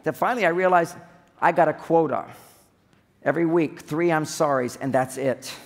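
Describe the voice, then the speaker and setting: A man's voice: on the high side, moderate pace, creaky. A man giving a humorous seminar talk on relationships, acting out little scenes as he goes. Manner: joking, acts out little scenes. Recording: long hall reverb.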